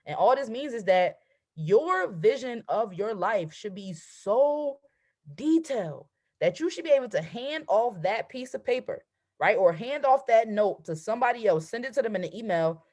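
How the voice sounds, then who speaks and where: Lively woman coaching with constant "right?". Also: medium pitch, moderate pace. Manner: conversational, keeps asking "right?"; energetic and animated, acts out excited affirmations. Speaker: trading and mindset coach. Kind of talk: motivational solo talk.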